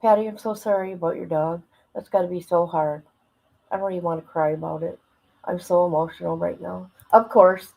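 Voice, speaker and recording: Gravelly, emotional woman livestreaming. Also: on the low side, fairly even intonation, fairly quick, warm tone, low-quality recording. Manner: rambling, emotional, talks to chat. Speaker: livestream host. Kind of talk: casual livestream chat. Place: at home. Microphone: phone.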